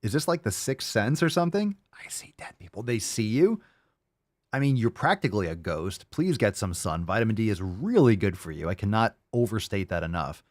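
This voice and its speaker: A man's voice: lowish voice, animated, a little fast, few pauses, no room sound. A man hosting a commentary show, ranting crudely and mocking his subject with sarcasm. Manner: crude, mocking, sarcastic rants with mock voices. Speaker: show host.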